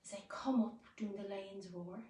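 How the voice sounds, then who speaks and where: A woman leading a guided movement class, speaking gently and soothingly, with sudden loud playful roars. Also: medium pitch, steady tone, moderate pace. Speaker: movement and wellbeing instructor. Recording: roomy echo, voice from some distance.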